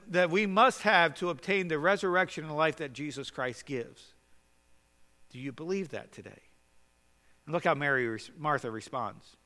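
A man preaching a sermon in an earnest way, swinging between loud exhortation and quiet questioning. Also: high-pitched, in a large hall.

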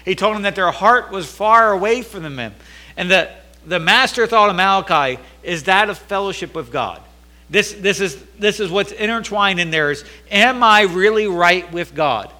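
A male preacher with a high-pitched voice delivers a sermon, acting out the words of scripture. He often repeats or restarts a phrase to press a point home. His tone is bright and forceful. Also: expressive, moderate pace.

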